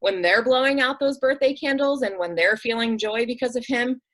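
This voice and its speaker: A woman's voice: on the high side, moderate pace, a bit bright, low-quality recording. Earnest woman telling stories. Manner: earnest, acts out quoted voices, many "um" and "like". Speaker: interview guest, nonprofit director. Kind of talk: conversational storytelling.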